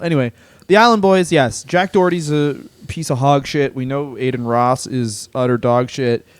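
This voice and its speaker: A man's voice: mid-range voice, moderate pace, dry recording. Male comedian, podcast co-host, loose rambling delivery, profane, dry close sound. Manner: rambling, heavy use of "like", swears freely. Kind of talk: casual comedic chat.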